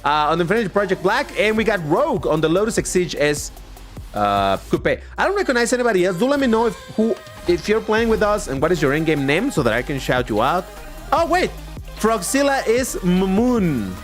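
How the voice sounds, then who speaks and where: A man with a light Mexican accent, chatting casually and excitably while livestreaming a racing game. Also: high voice, faint music behind. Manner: chatty, excitable, quick to laugh. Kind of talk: casual live commentary while gaming.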